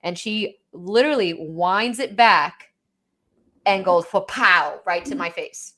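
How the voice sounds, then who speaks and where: A woman's voice: on the low side, slow pace, bright, forceful tone. A young woman co-hosting a casual podcast, telling a parenting story with many "like"s and quoted lines. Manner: storytelling, quoting her toddler with lots of "like". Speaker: podcast co-host. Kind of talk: casual chat.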